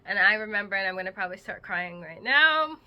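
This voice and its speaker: A woman's voice: medium pitch, lively intonation, fast talker, clean tone, dull audio. A middle-aged woman from Massachusetts giving an earnest, conversational teaching monologue, loose and full of fillers. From Massachusetts, United States. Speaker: host.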